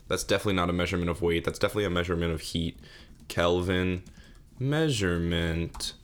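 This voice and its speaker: Young male solo podcaster, lowish voice, silly self-mocking rambler, desk mic. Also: a bit bright. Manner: goofy, self-mocking, laughs at own jokes; mock-sobbing bit, put-on crying. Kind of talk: rambling solo comedy chat.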